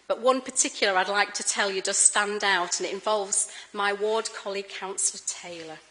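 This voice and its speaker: A middle-aged woman addresses a council chamber in a formal speech. She tells stories warmly, with a gently humorous touch, at a mid pitch. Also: low-quality recording. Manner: warm, anecdotal, gently humorous. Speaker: incoming Lord Mayor.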